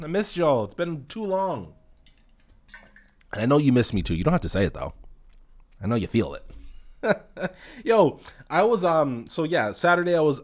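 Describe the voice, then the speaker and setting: A man hosting a casual solo podcast, telling profane stories in an animated way and acting out the dialogue. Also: medium pitch, dry recording. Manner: acts out dialogue in anecdotes. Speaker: podcast host.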